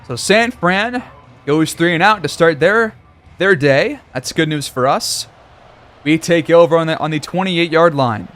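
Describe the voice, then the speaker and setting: A man giving play-by-play commentary over a football video game, reacting loudly to big plays. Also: fairly high pitch, a little slow. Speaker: gaming commentator.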